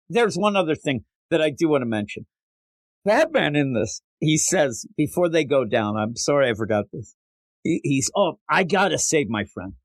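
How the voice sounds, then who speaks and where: A man with a fairly high, very lively voice talking through comics in casual podcast chat. He jumps into quick voices for the characters as he goes. The sound is dry and close, with no room around him. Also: no room sound. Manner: animated, acts out characters' lines in quick voices. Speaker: podcast co-host.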